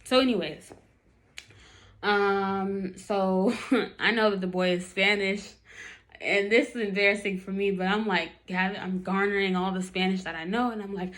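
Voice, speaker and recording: A woman's voice: medium pitch, fairly even intonation, moderate pace, a bit bright. Chatty woman telling a story. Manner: chatty, many fillers, acts out quotes. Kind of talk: casual storytelling to camera.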